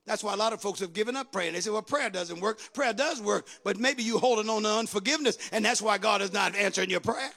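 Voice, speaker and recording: A man preaching a sermon, swinging from loud shouted lines down to quick low muttering. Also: vocal fry. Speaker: pastor.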